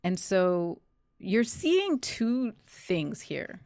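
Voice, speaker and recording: A woman narrating a horror tabletop game as game master, deliberate and descriptive. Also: mid-range voice, big pitch swings, darkish tone, no room sound, clean studio sound.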